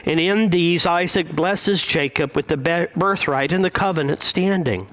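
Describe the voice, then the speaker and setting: A male pastor preaching a sermon, speaking in a measured, deliberate way with frequent pauses. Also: a little high, fairly bright tone.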